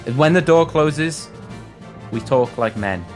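A man's voice: on the high side, expressive, measured pace, faint music behind. A young man role-playing in a game, speaking in a grave, theatrical manner. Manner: grave, theatrical delivery in character. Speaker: co-host player. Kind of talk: mock-solemn role-play during a game.

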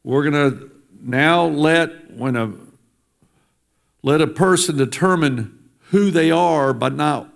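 A man's voice: fairly high pitch, takes it slowly, creaky, long pauses. A politician addressing a church congregation, speaking emphatically and building his points through repetition. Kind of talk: speech to a congregation. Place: church sanctuary.

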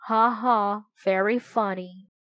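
Teasing, always-hungry young boy read by a woman, slow and lazy, in a dry sound. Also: mid-range voice, fairly even intonation, a bit bright, no echo. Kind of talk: storybook reading.

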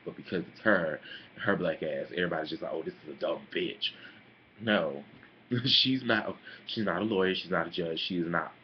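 A man in his twenties giving a sassy, animated opinion vlog, calling listeners honey and girl. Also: deep voice, normal speed, lo-fi sound, a little hiss or hum. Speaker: vlogger.

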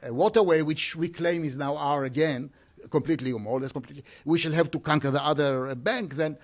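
Man presenting at an academic conference, voice a touch high, stop-start delivery full of restarts. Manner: halting, with frequent hesitations and restarts. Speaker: conference speaker.

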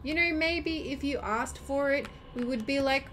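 A woman's voice: high-pitched, moderate pace, hardly any pauses, a bit bright, slight background noise. A woman streaming gameplay, ranting and swearing at the game as she plays. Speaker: gamer streamer. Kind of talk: gameplay commentary.

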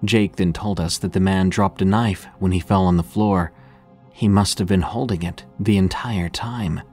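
Deep-voiced male horror narrator. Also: fairly even intonation, moderate pace, a little mellow, soft background music. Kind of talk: scripted horror story narration.

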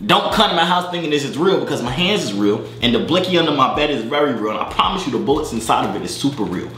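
A man's voice: medium pitch, big pitch swings, fast talker, sharp tone, reverberant, soft background music. A young man vlogging at night, joking and boasting in slang while chatting with strangers on a webcam. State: tired. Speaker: vlogger chatting with strangers on a video chat site. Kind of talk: casual vlog chat. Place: room at night.

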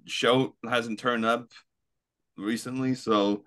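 A man's voice: mid-range voice, steady tone, takes it slowly, a bit bright. A man in a casual panel chat, hesitant, stammering and restarting his sentences.

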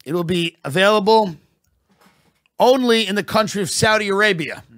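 A man hosting a podcast, delivering a deadpan mock-patriotic comedy monologue. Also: high-pitched, moderate pace, no echo, clean studio sound. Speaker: podcast host.

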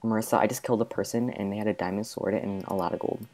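A man's voice: lowish voice, steady tone, quick pace, warm tone. A man giving gameplay commentary, frantically talking to himself as he plays. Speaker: gamer.

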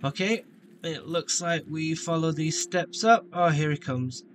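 A man giving let's play commentary on a shooter, jokey and taunting enemies with sudden shouts. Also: a little high, a little slow, a little hiss or hum. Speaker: gameplay commentator.

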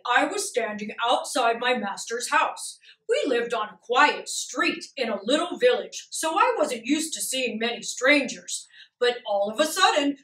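A friendly, proud male donkey tells his story slowly and gently, breaking into loud braying hee-haws, as a woman puts him on for a puppet show. The voice sits a little high. It comes from well away from the microphone in an echoey room. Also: heavily acted. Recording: echoey room, mic far off.

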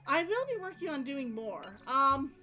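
A woman streamer talks casually to her viewers between bits of gameplay, reading lines aloud as she goes. Her voice is high and very lively, with faint game music playing behind her. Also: moderate pace. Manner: chatty, talks to viewers while playing, reads dialogue aloud.

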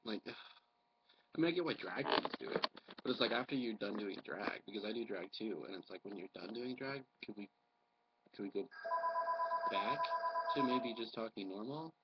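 A man's voice: on the low side, lively intonation, normal speed, long pauses, muffled recording, heavy background noise. A man with a cold, ranting bluntly and profanely in a casual, rambling vlog. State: has a cold. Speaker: vlogger.

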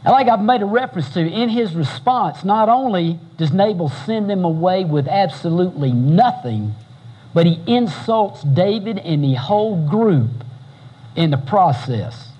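A male pastor preaches in a folksy, animated storytelling manner. His voice is fairly high for a man and husky. He banters with his listeners as he goes. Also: measured pace, low-quality recording. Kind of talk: sermon.

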